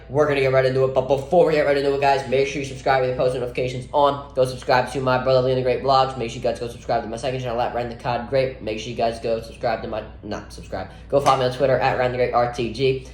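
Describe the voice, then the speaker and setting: A man's voice: medium pitch, level tone, very fast, hardly any pauses. A man with a voice that cracks, giving an exasperated, ranting sports analysis vlog where he scolds players directly. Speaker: sports vlogger. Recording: roomy echo.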